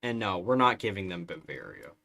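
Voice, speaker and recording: A man's voice: deep voice, very animated, a little fast, creaky, sharp tone, no room sound. A man streaming a strategy game live, chatting through it in a wry, sarcastic way. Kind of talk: live gameplay commentary.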